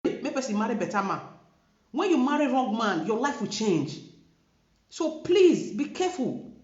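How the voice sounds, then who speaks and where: A woman with a Nigerian Pidgin-inflected English accent talks to camera in an emphatic, preachy way, repeating herself to drive each point home. Her pitch rises and falls a great deal. The room around her is echoey and the sound is dull and lo-fi. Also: big pitch swings, moderate pace, a little mellow. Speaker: vlogger. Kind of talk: casual commentary to camera.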